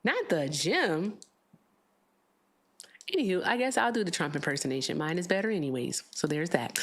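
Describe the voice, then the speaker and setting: A woman's voice: on the low side, very animated, moderate pace, pauses often, fairly bright tone. A woman hosting a live political call-in stream, chatting casually and tossing in sarcastic asides. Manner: chatty, sarcastic asides while reading aloud. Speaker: livestream political debate host. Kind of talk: casual livestream talk.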